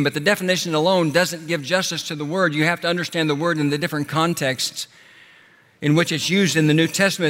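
Impassioned preacher in a reverberant hall. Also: male voice, fairly high pitch. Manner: impassioned, swells loud then drops soft and slow. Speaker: pastor. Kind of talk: sermon.

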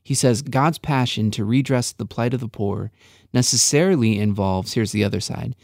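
Man, mid-pitch, gravelly, earnest faith-podcast co-host. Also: moderate pace, a little mellow, no echo, studio quality. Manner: earnest, preacher-like emphasis. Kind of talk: reflective faith podcast talk.

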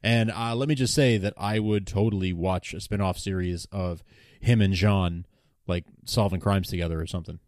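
A man with a fairly low voice co-hosting a podcast in an easygoing, casual chat. He stumbles through restarts and repeats words as he works out what he wants to say. The recording is dry and close. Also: steady tone, normal speed, a little mellow, no room sound. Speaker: podcast co-host.

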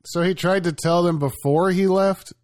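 Joking man with a slightly higher voice. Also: fairly even intonation, normal speed, a little mellow, no echo, studio quality. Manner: joking, laughing along. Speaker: podcast co-host. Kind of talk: casual podcast chat.

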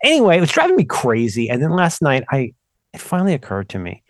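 A man with a fairly high-pitched voice talks fast as a podcast co-host, rambling through casual tech chat. He's animated and keeps interrupting himself. The recording is studio quality with no echo.

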